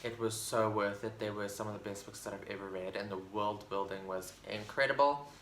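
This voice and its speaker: A man's voice: on the low side, fairly even intonation, fairly quick, fairly bright tone. Rambling man in an echoey room. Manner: rambling, enthusiastic, full of fillers and restarts. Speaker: book vlogger. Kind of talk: casual book review chat. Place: room at home with a bookshelf. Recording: roomy echo, faint background noise.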